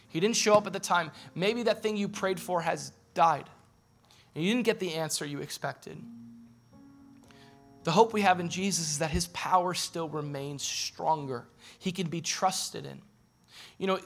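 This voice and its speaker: A man's voice: fairly high pitch, creaky, fairly bright tone. A male pastor preaching a sermon in a casual, joking storytelling way, acting out the people in the story.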